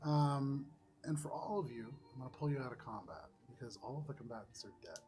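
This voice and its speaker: Running a tabletop session, a game master describes scenes casually, dropping in fillers. He speaks fairly quickly in a mid-range voice.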